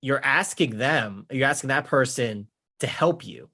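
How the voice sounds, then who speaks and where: A man coaching real estate agents on negotiation, energetic and casual, mimicking clients with playful chatter. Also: mid-range voice, a little slow, slightly rough. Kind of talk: teaching with slides.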